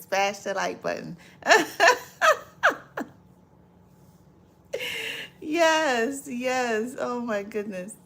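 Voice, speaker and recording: Slow gravelly-voiced woman live streamer. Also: on the high side. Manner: laughs often, repeats phrases, chatty. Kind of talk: casual live chat, reading viewer comments aloud.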